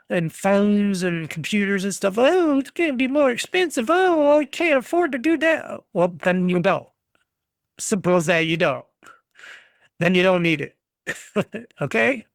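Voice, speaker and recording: A man's voice: high voice, vocal fry, fairly bright tone, no echo, clean studio sound. A middle-aged American man hosting a solo podcast, ranting bluntly and swearing freely. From United States. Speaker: podcast host.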